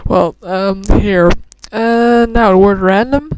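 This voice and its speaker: Nursing a cold, a Dutch woman who vlogs as a club member chats in a rambling way, trying a Scottish accent, filling gaps with fillers and frequently correcting herself. She speaks slowly at medium pitch with a darkish, smooth tone, and the recording is dry and low quality.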